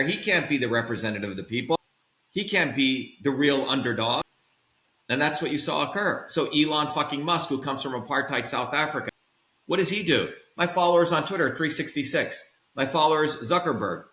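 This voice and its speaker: A man's voice: medium pitch, sharp tone, reverberant. A man from India, a podcast guest and political candidate, ranting in a profane, combative and emphatic way. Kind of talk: heated political rant.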